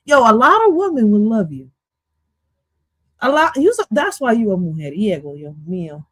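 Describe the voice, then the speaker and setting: A woman's voice: fairly high pitch, sing-song, moderate pace, no echo, low-quality recording. A young adult woman giving casual reaction commentary, swearing, exclaiming and laughing often. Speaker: reaction streamer.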